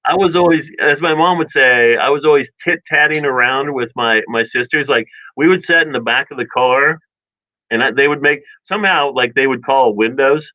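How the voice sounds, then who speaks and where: A man's voice: mid-range voice, normal speed, bright, forceful tone, muffled recording. A man co-hosting a radio show, telling a long rambling childhood story in casual chat and acting out family quotes. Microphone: studio microphone.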